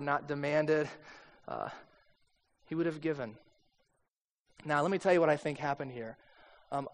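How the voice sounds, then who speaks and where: A male pastor preaching with a relaxed, conversational, storytelling manner. His voice sits fairly high. He is recorded in a church sanctuary with a long hall reverb. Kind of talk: sermon.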